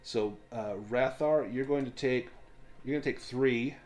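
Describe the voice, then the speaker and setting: A man running a tabletop game as game master, explaining rules and narrating scenes in a relaxed way with frequent ums. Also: mid-range voice, a little slow, soft background music.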